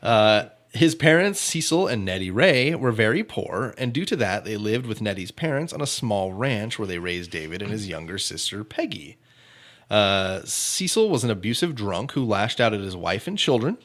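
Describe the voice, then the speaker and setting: A man's voice: lowish voice, lively intonation, moderate pace, a bit bright. A man hosting a true-crime comedy podcast, joking casually and laughing often. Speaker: podcast host.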